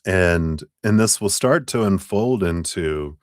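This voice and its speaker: A man with a deep, low voice gives tarot readings on a live stream. He talks in a gentle, rambling, encouraging way and laughs softly now and then. He is close to the mic in a dry, dead room. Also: expressive, takes it slowly, no room sound. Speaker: tarot reader.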